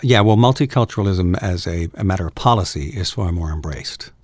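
A man's voice: low-pitched, lively intonation, a little fast, no echo. A middle-aged man from Canada co-hosting a talk show, jokey and opinionated. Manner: jokey, opinionated, trails off quietly. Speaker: radio co-host. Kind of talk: casual talk radio banter.

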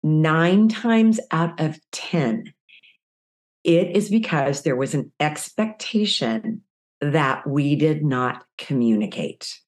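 Low-pitched woman in her fifties, animated interview guest, acts out the voices in her anecdotes. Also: takes it slowly. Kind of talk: conversational storytelling interview.

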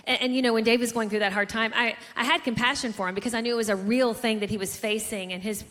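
A woman's voice: fairly high pitch, fairly even intonation, quick pace, fairly bright tone. A woman co-hosting a faith-based marriage talk, speaking in a sincere, encouraging way. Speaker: co-host of a marriage show.

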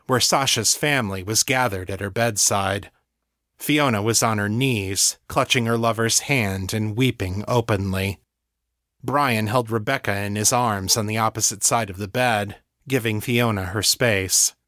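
Man, audiobook narrator, measured storytelling, dry close sound. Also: lowish voice, fairly bright tone, no echo. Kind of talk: scripted narration.

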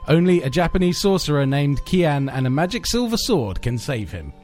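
A man's voice: on the high side, very animated, normal speed, a little mellow, soft background music. A man hosting a casual film podcast chat in a self-deprecating, laughing way. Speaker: podcast host.

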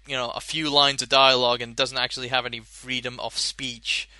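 A man's voice: mid-range voice, level tone, fairly quick, sharp tone, no echo. A young man hosting a podcast, rambling in a casual chat with many fillers and restarts while chewing gum. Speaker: podcast host.

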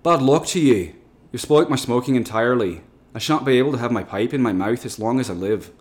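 A man's voice: mid-range voice, lively intonation, brisk, voice pushed up, natural voice. A man voicing a defiant, wisecracking Irish prisoner at the gallows, using a put-on Irish brogue in a raised voice. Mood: defiant joking.

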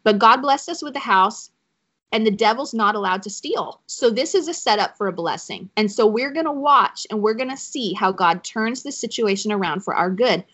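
A woman's voice: fairly high pitch, animated, normal speed, a bit bright, muffled recording. A woman, telling a personal faith story as a podcast guest, choking up at times.

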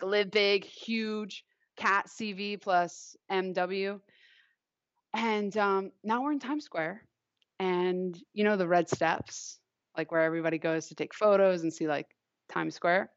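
A woman's voice: mid-range voice, steady tone, unhurried, no echo. A young woman from Long Island tells a story from her own life in loose, chatty talk, full of "like" and "you know." The sound is muffled and lo-fi, with a dry, close feel and no room around her. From Long Island, New York. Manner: chatty, heavy use of "like" fillers. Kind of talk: casual personal storytelling. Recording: dull, lo-fi, dry recording.

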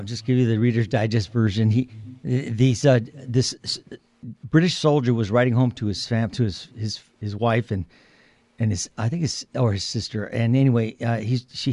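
A man co-hosting a radio show from a studio, with a mellow, dark tone. He tells stories in a meandering way, full of restarts and fillers. The sound is close and dry, with no room around it. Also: medium pitch, no echo. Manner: rambling storyteller with many restarts. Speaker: radio co-host. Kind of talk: casual radio talk.

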